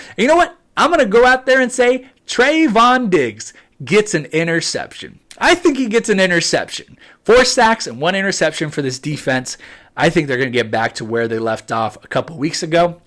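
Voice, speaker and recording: A man's voice: fairly high pitch, fairly bright tone. A young man hosting a fan channel, giving a casual pre-game prediction, emphatic and repetitive, pleading at times. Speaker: sports fan channel host.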